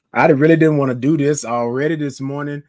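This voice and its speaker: A man in his fifties with a hoarse voice from a cold, hosting a casual morning live stream and greeting viewers by name. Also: a little high, steady tone, normal speed, a little mellow, no room sound. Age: 50s. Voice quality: rough, scratchy voice. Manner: chatty, greets viewers by name, calls them y'all. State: hoarse, sick with a cough.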